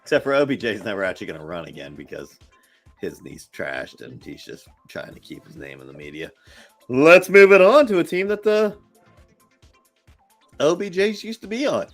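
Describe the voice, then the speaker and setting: Brash male podcast co-host, lively swooping delivery, faint music under. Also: medium pitch, moderate pace. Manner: brash, profane, joking. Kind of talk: casual sports chat.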